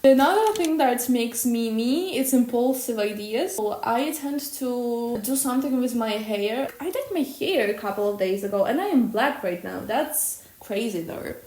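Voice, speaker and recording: Loud, blunt young woman vlogging. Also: on the high side, normal speed, few pauses. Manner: loud, blunt and expressive, swears freely. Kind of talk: personal vlog monologue. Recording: echoey room.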